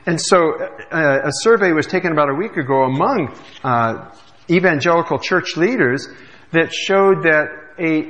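A man's voice: on the high side, fairly bright tone, in a large hall, highs cut off. A man who is a pastor, giving a sermon in a church with conversational asides and frequent "uh" fillers. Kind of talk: sermon with scripture reading. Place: church sanctuary.

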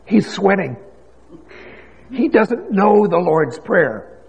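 A man's voice: high voice, sing-song, slow pace, vocal fry, darkish tone, voice pushed up, full character voice. A man voicing a smug male football quarterback who is placing a sly, conspiratorial bet. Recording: dull lo-fi sound with long hall reverb.

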